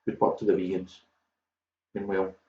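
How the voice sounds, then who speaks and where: A man's voice: deep voice, monotone, normal speed, warm tone. A Scottish man hosting a quiz, chatting casually and wandering off on self-mocking tangents. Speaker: quiz host. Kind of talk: casual rambling livestream chat. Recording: echoey, dull lo-fi audio with faint noise.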